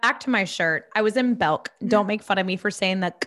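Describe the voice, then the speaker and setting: A woman co-hosting a podcast in an easy, chatty way. Her pitch sits in the middle range, and she playfully stretches words out for emphasis as she tells her stories. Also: brisk, a bit bright. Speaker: podcast co-host. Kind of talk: casual chat.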